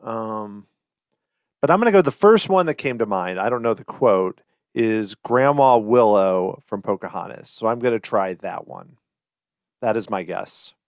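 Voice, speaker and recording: Man, quiz contestant, lowish voice, murmuring, ponders his answers, dry close sound. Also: expressive, a little slow, dry recording. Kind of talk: casual game chat.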